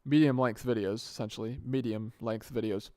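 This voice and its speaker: A young man speaks casually into a good podcast microphone, thinking aloud and correcting himself as he goes. His voice sits at an ordinary middle pitch. The sound is dry, with no room echo. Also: steady tone, normal speed, dark tone. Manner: rambling, often restarts and corrects himself mid-sentence. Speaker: podcast host. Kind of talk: casual solo podcast monologue.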